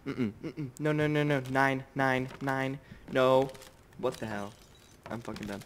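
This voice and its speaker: A man's voice: mid-range voice, little pitch movement, a little slow, hardly any pauses, slight background noise. A young man commentating a horror game playthrough, who swears constantly, gets startled easily and drops to whispers when scared. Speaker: gamer. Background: game music.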